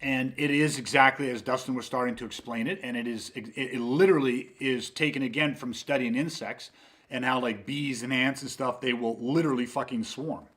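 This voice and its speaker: A man's voice: medium pitch, fairly even intonation, fairly quick, fairly bright tone. Emphatic, swearing male podcast host. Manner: emphatic, profane, rambling with restarts. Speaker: podcast host and self-defense instructor. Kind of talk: casual podcast explanation.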